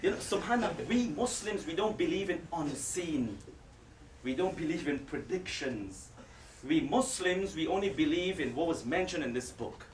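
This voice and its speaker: A man's voice: a little high, animated, moderate pace, background noise. A man preaching to a live audience, joking and speaking to the listeners directly. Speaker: Islamic preacher. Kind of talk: lively lecture to a live audience. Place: lecture hall with audience. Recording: echoey hall, distant mic.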